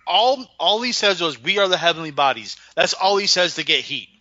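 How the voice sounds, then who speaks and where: A high, bright-voiced man chatting on a podcast who tells stories with a lot of bounce in his pitch and swears freely. The recording is dry and a little dull, like a basic home mic. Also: fairly quick, no room sound. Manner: animated storyteller, swears freely. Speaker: podcast co-host. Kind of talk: casual chat watching wrestling.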